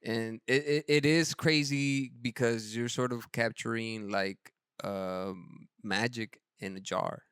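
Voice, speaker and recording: A podcast host chatting casually and reacting to a guest, loose and relaxed, with "like" and the odd swear word. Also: mid-range voice, slow, hardly any pauses, clear, resonant tone, no room sound, clean studio sound.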